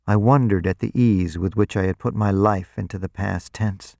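A man reading first-person narration for an audiobook, deliberate and introspective. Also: low voice, fairly even intonation, vocal fry, warm tone, no echo, clean studio sound.

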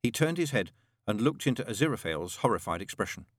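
A man narrating an audiobook in a dry, measured storytelling manner. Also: mid-range voice, big pitch swings, dry recording.

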